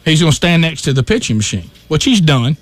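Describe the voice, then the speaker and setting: A man hosting a talk radio show, telling an animated story and acting out his own shouts. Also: fairly high pitch, a little fast.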